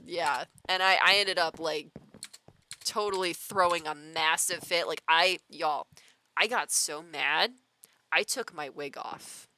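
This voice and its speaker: A woman's voice: fairly low pitch, a little slow, bright, forceful tone, a little hiss or hum. A woman chatting casually while she plays a game, talking in loose run-on sentences full of "like". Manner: chatty, full of filler "like", laughs often. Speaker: gaming streamer.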